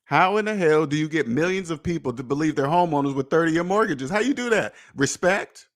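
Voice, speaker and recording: A man hosting a personal finance podcast in an emphatic, preachy monologue, repeating points and swearing, swinging between loud jabs and low muttered asides. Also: animated, fairly quick. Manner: emphatic, preachy, repetitive, with profanity. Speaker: podcast host.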